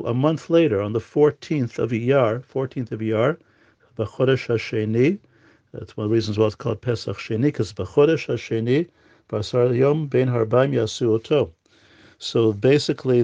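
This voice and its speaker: A man giving an informal Torah lesson in English, quoting Hebrew texts and explaining them with frequent pauses and fillers. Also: mid-range voice, a little mellow, no room sound. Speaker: Torah teacher. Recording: dull lo-fi audio.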